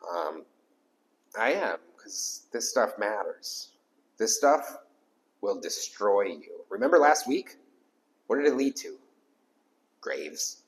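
A pastor preaching an emphatic sermon to a small congregation, repeating key lines for weight. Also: male voice, lowish voice, very animated, takes it slowly, long pauses, low-quality recording. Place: small church gathering.

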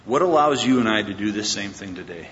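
A man's voice: animated, fairly quick, fairly bright tone. A man preaching a sermon, retelling a Bible story in a conversational way and acting out the characters' lines. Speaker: pastor. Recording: echoey lo-fi hall recording with faint rumble.

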